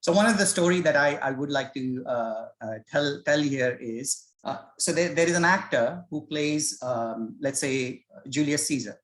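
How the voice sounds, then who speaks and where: A man with a fairly high, fairly bright voice leads a self-recorded scripture study session at a normal speed with few pauses. His informal lecture is hesitant and conversational, full of stories as he explains. The recording is rough and reverberant.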